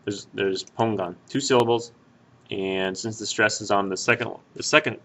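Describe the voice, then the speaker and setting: Patient male Spanish teacher, bright voice. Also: on the low side, steady tone, moderate pace. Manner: patient, step-by-step, with many fillers and restarts. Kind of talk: explaining grammar at a whiteboard.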